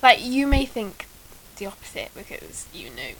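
A woman's voice: medium pitch, big pitch swings, normal speed, a little hiss or hum, poor audio. A woman chatting as a guest on her sister's podcast, giggly and rambling. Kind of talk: casual chat.

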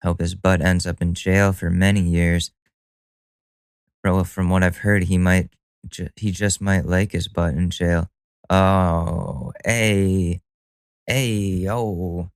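A man hosts a solo podcast in a casual, profane, sardonic monologue. His voice sits a little low and has a smooth, clear tone. It is recorded close with no room sound. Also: flat delivery, measured pace, dry recording. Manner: profane, sardonic, laughs at own jokes. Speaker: podcast host.

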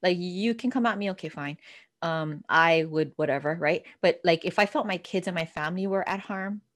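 A woman's voice: on the low side, a little fast. Chatty woman podcast co-host. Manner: chatty, heavy on "like" and "you know what I mean". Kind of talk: casual podcast chat.

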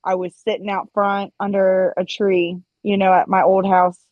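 A woman's voice: mid-range voice, flat delivery, moderate pace, no room sound, dull audio. A young woman guest on a casual podcast, talking candidly with lots of "like" and casual swearing.

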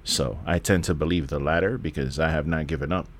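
A man's voice: very deep voice, fairly even intonation, fairly quick, slight background noise. A man, hosting a candid solo podcast from home in a laid-back, rambling, profane way with lots of restarts. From the Bronx, New York. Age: 40s. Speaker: podcast host.

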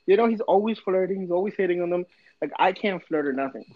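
A man in his thirties tells a story in a high, animated voice, with plenty of profanity. The recording is dry and slightly dull, with no room sound. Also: fast, no echo. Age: 30s. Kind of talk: casual chat, storytelling.

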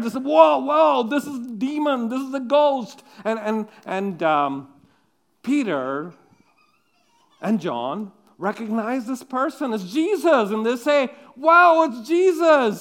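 High-voiced man preaching, halting and chatty. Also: a bit bright. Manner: halting, full of restarts and ums, conversational; addresses listeners directly with questions. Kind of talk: sermon.

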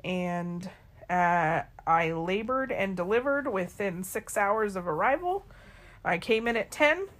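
A woman's voice: mid-range voice, slow pace. A woman co-hosting a podcast, casually telling her grown daughter a family story and acting out the people in it. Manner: lively storyteller who acts out quoted people. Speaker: podcast co-host.

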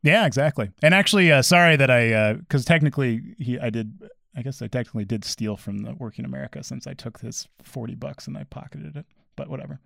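A man tells a rambling story in casual chat, his words tumbling out fast. He fills it with "like" and side remarks. The sound is dry and close, with no room echo. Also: mid-range voice, creaky, fairly bright tone. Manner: rambling anecdote with lots of "like" and laughs.

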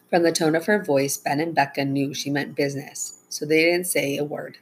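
A woman with a low, husky voice reads a children's storybook aloud. She keeps an even, gentle storytelling pace and lightly shifts her voice for the characters. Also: moderate pace, hardly any pauses. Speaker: audiobook narrator.

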